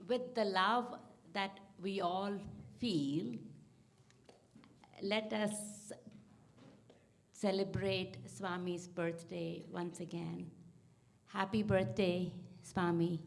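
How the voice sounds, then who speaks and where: A woman at a mid pitch hosts a devotional event. She speaks with warm, prayerful announcements to the gathering. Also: gravelly. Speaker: program host.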